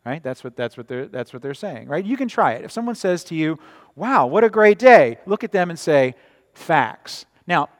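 A man's voice: a little high, very animated, a little fast, few pauses. A man preaching a sermon in a church, conversational and often tossing in "right?" to the congregation. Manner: conversational, frequent "right?" asides. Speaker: pastor. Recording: reverberant church sanctuary.

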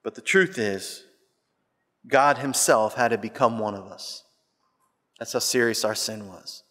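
A man preaching a sermon as pastor, swinging between loud emphatic lines and hushed, quiet ones. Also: lowish voice, a little slow. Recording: reverberant hall.

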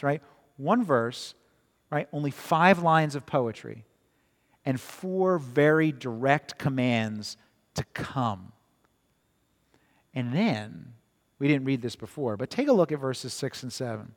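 A man's voice: medium pitch, expressive, unhurried, pauses often. Conversational preacher man, hall reverb. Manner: conversational, repeats words, asks "right?". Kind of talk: sermon with storytelling.

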